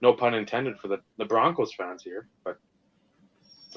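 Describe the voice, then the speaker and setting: A man's voice: medium pitch, moderate pace. A man co-hosting a podcast, talking casually and ranting with plenty of swearing. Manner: animated, profane ranting. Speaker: podcast co-host. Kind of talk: casual sports and hobby chat. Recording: slightly dull lo-fi sound.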